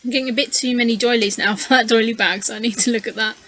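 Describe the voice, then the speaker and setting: On a poor recording, a tired, yawning woman who runs a scrapbooking channel casually narrates her process in voice-over at a racing pace. Her fairly high, somewhat bright voice holds a steady tone while she rambles and hesitates, leaning on frequent fillers.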